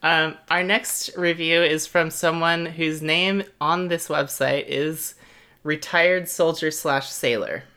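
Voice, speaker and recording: A woman co-hosting a casual podcast chat, relaxed and amused, reading out reviews. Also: sits low, takes it slowly, clear, resonant tone. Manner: relaxed, amused, laughs often. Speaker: podcast co-host.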